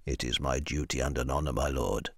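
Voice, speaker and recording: A man doing a rumbling, dutiful lizard-man warrior. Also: steady tone, fairly quick, fairly bright tone, husky, no room sound, studio quality, full character voice. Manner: formal, dutiful, deferential.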